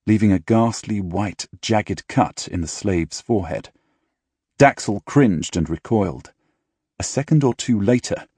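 A man reading an audiobook in measured, dramatic storytelling style, close to a studio mic. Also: fairly low pitch, a little mellow, husky, no room sound. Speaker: audiobook narrator. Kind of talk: scripted audiobook narration.

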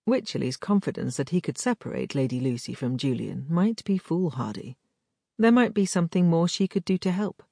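A woman narrating a romance novel as an audiobook, with expressive storytelling. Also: low voice, a little fast, creaky, no echo, clean studio sound.

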